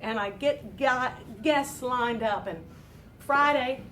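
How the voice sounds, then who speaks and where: Woman, late 50s, talk show host; chatty and self-deprecating, high-pitched, recorded with a distant mic. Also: slow pace, a bit bright, slight background noise. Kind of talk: casual chat to a live audience. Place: live talk show with a small audience.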